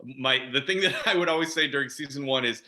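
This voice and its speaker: A man's voice: mid-range voice, fast, pushed and bright. A man being interviewed as an actor guest over a video call, chatting casually with frequent laughs and "you know" fillers. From Chicago.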